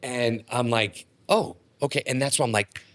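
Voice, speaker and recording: A man's voice: mid-range voice, moderate pace, no room sound. A middle-aged man telling stories as a podcast guest, acting out the dialogue in them. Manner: animated storyteller acting out dialogue. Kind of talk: casual storytelling.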